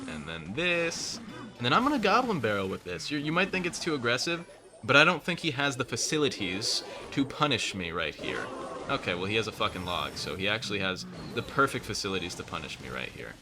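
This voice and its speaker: A man giving live commentary over his own gameplay, quick, sarcastic and profane, with joking rants. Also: medium pitch, big pitch swings, noisy background. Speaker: gaming streamer.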